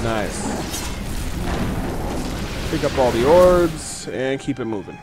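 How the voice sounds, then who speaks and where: A man's voice: mid-range voice, animated, slow, very noisy. A tired, yawning man giving casual gameplay commentary, explaining the mechanics to viewers as he plays. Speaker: game streamer. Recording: game music playing loudly behind. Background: game music.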